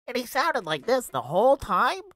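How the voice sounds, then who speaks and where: A man putting on a whiny, high, nasal voice to mock a male streamer. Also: sing-song, normal speed, bright, forceful tone, no echo, studio quality, exaggerated voice. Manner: mocking, sing-song.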